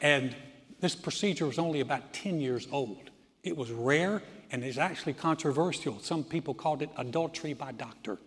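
This sixties-aged pastor preaches at a moderate pace with a somewhat high voice, recorded in a hall with lingering reverb. His delivery is emphatic, climbing through lists and storytelling with funny asides along the way.

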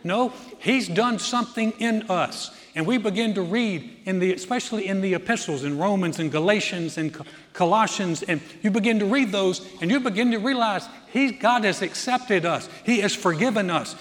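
A man's voice: high voice, a bit bright. A man in his sixties preaching a sermon, emphatic, building through rising lists and telling stories with humorous asides. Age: 60s. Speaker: pastor. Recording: long hall reverb.

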